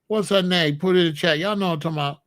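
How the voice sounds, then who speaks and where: A man's voice: sits high, racing, a bit bright, dry recording, studio quality. A man giving a blunt, emphatic, scolding monologue to viewers in a live chat, speaking as a commentator.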